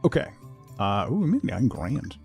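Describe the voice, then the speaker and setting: A man streaming a video game, chatting casually, excitable and laughing often, repeating words when things go wrong. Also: mid-range voice, moderate pace, vocal fry, faint music behind.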